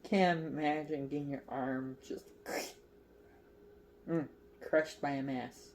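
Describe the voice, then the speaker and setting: A woman's voice: deep voice, steady tone, slow, darkish tone, a little hiss or hum. A woman casually recapping a movie as a crochet vlogger, chatty and giggly, with lots of fillers.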